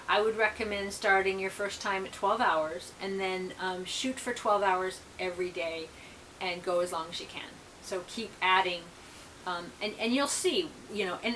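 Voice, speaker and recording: A woman talking in an unscripted, meandering way, often stopping on "um" and starting her sentences over. Her voice sounds bright and clear at an ordinary pitch. A faint hiss runs under the recording. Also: low-quality recording. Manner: meandering, full of ums and restarts. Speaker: reverend vlogger. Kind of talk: rambling casual monologue.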